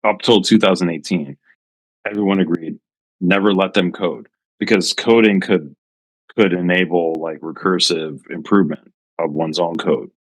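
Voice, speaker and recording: A man's voice: low voice, moderate pace, dry recording. A man co-hosting a casual tech podcast, building an argument with many restarts. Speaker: podcast co-host.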